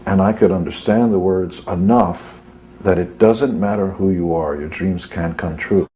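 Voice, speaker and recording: A man's voice: low-pitched, fairly even intonation, moderate pace, slightly rough, highs cut off. An older man telling stories as a motivational speaker, blunt and boastful. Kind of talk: storytelling talk.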